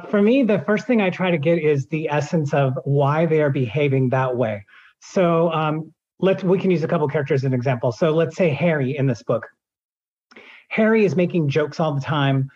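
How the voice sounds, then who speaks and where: A man's voice: fairly high pitch, fairly quick, darkish tone, muffled recording. A man who narrates audiobooks, answering in an interview and explaining his process at length with examples.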